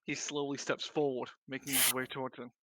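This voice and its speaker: Bright-voiced young man playing a tabletop game. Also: mid-range voice, level tone. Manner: casual, swears, quick narration of his own character. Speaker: player. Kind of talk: tabletop game play, casual.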